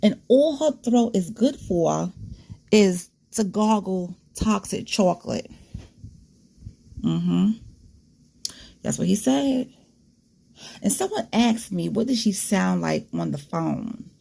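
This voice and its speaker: A woman's voice: mid-range voice, expressive, slow pace, vocal fry, long pauses, warm tone, slightly rough. A woman hosting a casual commentary vlog, talking straight to her viewers with blunt, disgusted asides. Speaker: commentary channel host.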